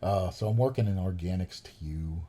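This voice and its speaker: Podcast guest: deep, husky New man telling profane, ranting stories. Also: a little fast, mellow. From New York. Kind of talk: storytelling chat.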